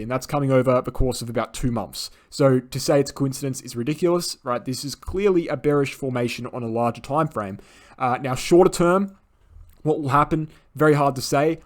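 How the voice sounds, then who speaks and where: Male market analyst, rapid emphatic delivery, mid pitch, lots of fillers. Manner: emphatic, insistent, frequent "right?" and fillers. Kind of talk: chart analysis commentary.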